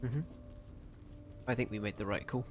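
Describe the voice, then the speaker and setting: A man's voice: lowish voice, fairly even intonation, normal speed, soft background music. A man streaming a video game, rambling and joking at his own expense as he plays. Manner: rambling, self-mocking, jokey. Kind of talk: casual gameplay commentary.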